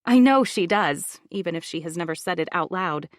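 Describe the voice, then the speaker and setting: A woman narrating a first-person thriller audiobook with an expressive, emotional delivery. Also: on the low side, moderate pace, dry recording, studio quality.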